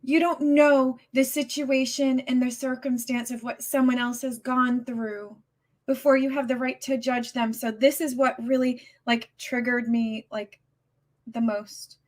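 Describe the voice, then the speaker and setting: A woman's voice: high-pitched, flat delivery. Agitated woman ranting on a live stream. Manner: halting, stumbling restarts, swearing, agitated. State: upset. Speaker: livestreamer. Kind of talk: casual live-stream rant.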